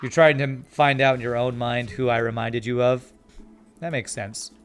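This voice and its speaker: A man's voice: mid-range voice, steady tone, moderate pace, smooth, soft background music. A man from Canada streaming a video game, reading chat and playing up an overly polite, apologetic manner. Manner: mock-polite, cheery and apologetic.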